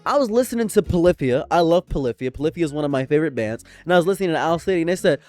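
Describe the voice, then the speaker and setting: A man's voice: a little high, expressive, racing, few pauses, darkish tone, no echo, faint music behind. A man with an American accent and a slight foreign tang, doing casual commentary and repeating his points with emphasis. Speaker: commentary YouTuber.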